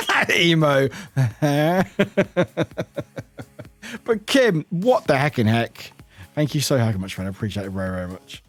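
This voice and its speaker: Lively, animated male streamer. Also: medium pitch, measured pace, no room sound, soft background music. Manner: animated, rambling, laughs often, swears casually. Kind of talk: casual chat with viewers while streaming a game.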